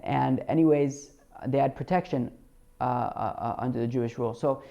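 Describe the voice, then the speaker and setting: A man talks through a Talmud passage like a casual study session, reading the original phrases and then translating them. His voice has a gravelly edge, and he stumbles and restarts often. The recording sounds dull and lo-fi. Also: medium pitch, warm tone. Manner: halting, many fillers and restarts, reads Hebrew and Aramaic then translates. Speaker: podcast host teaching Talmud.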